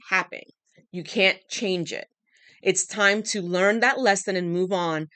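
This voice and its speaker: A woman's voice: on the low side, a bit bright, dry recording. A woman giving a channeled tarot reading, talking straight to the listener in an emphatic, coaxing way, her throat dry. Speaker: tarot reader.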